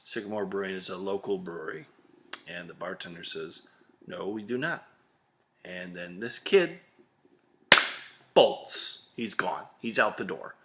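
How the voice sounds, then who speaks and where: A man's voice: low-pitched, unhurried, long pauses, noisy background. A man ranting to camera on his vlog, exasperated and sarcastic, swearing now and then. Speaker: vlog host ranting about liquor. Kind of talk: comedic rant to camera.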